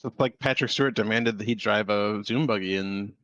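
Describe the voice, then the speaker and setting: A man with a lowish voice chats casually while watching a movie with friends. He is playful and rambles through explanations with plenty of fillers. The recording is dry and close. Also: a little fast, a bit bright, no room sound, dull audio. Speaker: watch-along co-host. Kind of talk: casual chat over a movie.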